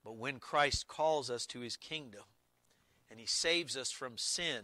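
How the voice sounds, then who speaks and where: A man preaching a sermon as pastor, slow and deliberate, stressing key words with emphatic repetition. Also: mid-range voice, pushed and bright, dry recording.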